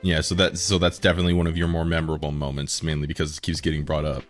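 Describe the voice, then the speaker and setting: Deep-voiced male interviewer. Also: completely flat delivery, racing, faint music behind. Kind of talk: interview questions.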